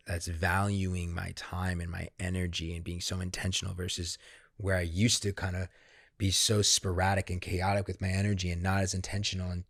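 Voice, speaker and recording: A man, a podcast guest, candidly recounting a personal experience in casual, profanity-laced talk that grows animated when he quotes himself. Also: low-pitched, creaky, dry recording, studio quality. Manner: swears freely, animated when quoting himself. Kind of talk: candid conversational storytelling.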